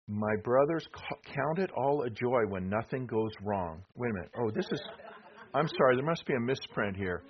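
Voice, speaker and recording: On a dull, lo-fi recording with faint noise, a middle-aged preacher speaks in a lowish, husky voice. His slide-backed sermon is conversational, mixing scripture reading with rhetorical questions and remarks to the congregation.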